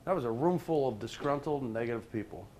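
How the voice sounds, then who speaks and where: Animated storytelling male speaker. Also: medium pitch, quick pace. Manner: animated, addresses listeners by name with questions. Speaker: professional motivational speaker. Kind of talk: storytelling talk to a live group.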